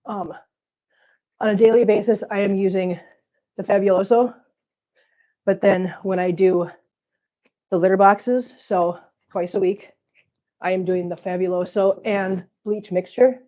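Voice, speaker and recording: A woman who runs a cat channel chats unscripted on a live vlog as she cleans up after her cats, overheated and out of breath, cooing at them in baby talk. Her medium-pitched voice is mellow and steady, at a measured pace with long pauses, and the highs are cut off.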